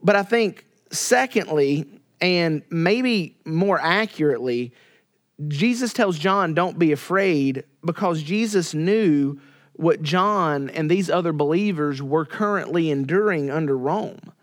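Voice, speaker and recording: High-voiced man preaching with dramatic hushes. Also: expressive. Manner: dramatic pauses, drops to a hush for quoted words; rises and pushes when pressing a point. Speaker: pastor. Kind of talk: sermon.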